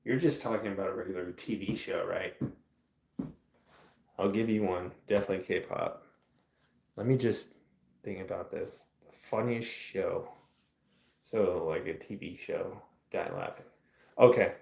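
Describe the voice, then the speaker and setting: A man hosting a casual livestream, answering chat in a rambling, soft-spoken way that trails off. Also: deep voice, unhurried, creaky, long pauses, reverberant. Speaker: livestream host. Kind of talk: casual live-stream chat, reading chat questions.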